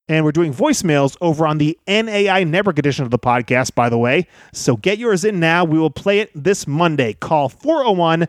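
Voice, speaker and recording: A man hosting a podcast in a lively, chatty monologue, joking and laughing as he talks. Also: high voice, no room sound, clean studio sound. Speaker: podcast host.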